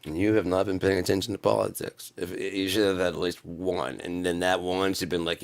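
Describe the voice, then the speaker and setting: A man's voice: low voice, fairly even intonation, quick pace, few pauses. A man hosting a video channel in a profane, rambling monologue. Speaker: channel host.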